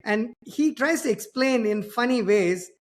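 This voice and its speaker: A man's voice: extremely high pitch, animated, unhurried. A middle-aged man from India with an Indian accent, hosting a podcast in a chatty, self-deprecating way. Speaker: podcast host. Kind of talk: casual conversation.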